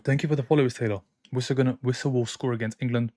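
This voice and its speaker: A man's voice: mid-range voice, steady tone, very fast, mellow, dry recording. Young male streamer, opinionated and chatty, answers chat as he goes, dry close mic. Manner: reads out and answers viewer chat, opinionated banter. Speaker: football watchalong streamer. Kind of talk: casual live-stream chat. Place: home streaming room in France.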